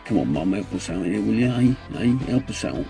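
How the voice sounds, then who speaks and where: A man's voice: fairly low pitch, lively intonation, a little fast, creaky, mellow, faint music behind, voice pushed down. A man voicing a fretful young cygnet begging its parents for food, in a whiny, questioning way.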